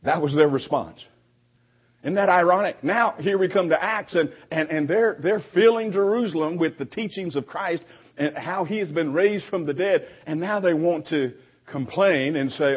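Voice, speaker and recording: A man preaching a sermon to his congregation, conversational, with frequent restarts and lively quoted voices. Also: on the high side, moderate pace, slightly rough. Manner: conversational preaching with repeated restarts, animated quoting. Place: church sanctuary. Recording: dull lo-fi recording.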